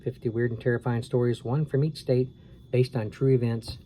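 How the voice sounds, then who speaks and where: A man reading a scary children's storybook aloud at a steady, unhurried pace. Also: mid-range voice, slight background noise, poor audio.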